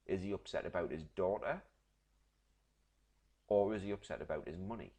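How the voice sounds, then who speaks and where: Guy teaching lit, low voice, patient, keeps saying right?. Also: normal speed, warm tone. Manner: explains patiently, checks in with frequent "right?". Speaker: English teacher. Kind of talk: recorded literature lesson.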